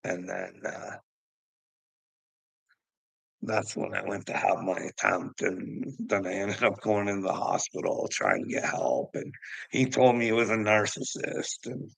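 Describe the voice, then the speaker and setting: A man's voice: fairly low pitch, lively intonation, unhurried, dry recording, poor audio. A man telling a personal story to camera in a rambling, profane way, often laughing as he goes. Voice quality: gravelly. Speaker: vlogger.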